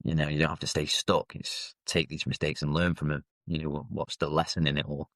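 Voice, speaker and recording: A man, telling his own life story as a podcast guest in a halting, reflective way. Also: very deep voice, flat delivery, fairly bright tone, no room sound. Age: 30s. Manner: reflective, halting, with frequent fillers and restarts. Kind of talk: candid personal storytelling.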